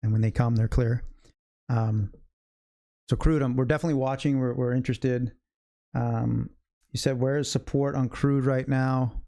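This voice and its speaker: Steady and warm, this medium-pitched male voice moves at a moderate pace with a creaky quality and long pauses. He's a day trading educator hosting a live stream, reasoning out loud in casual, loose sentences and speaking straight to his chat.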